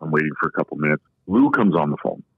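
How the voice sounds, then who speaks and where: A man in his forties with a low voice spins long, candid stories in an easygoing way. He sounds like he is on a remote call, with a thin phone-line tone. The sound is dry, with no room around him. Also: racing, husky, dry recording. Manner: long-winded, candid storyteller. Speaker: podcast guest, former pro hockey player. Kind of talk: casual anecdotal storytelling.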